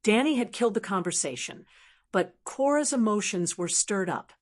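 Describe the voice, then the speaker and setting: A woman narrating a fantasy audiobook in an even, steady storytelling manner. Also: mid-range voice, moderate pace.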